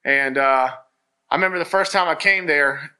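Casting man, personal church testimony, slightly high, very bright and forceful, earnest and rambling. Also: normal speed, clean tone. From Virginia, US. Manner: earnest, rambling storytelling with many restarts. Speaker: church member giving testimony.

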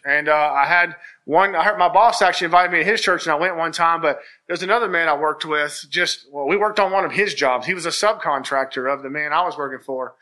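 Casting man, personal church testimony, slightly high, very bright and forceful, earnest and rambling. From Virginia, US. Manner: earnest, rambling storytelling with many restarts. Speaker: church member giving testimony.

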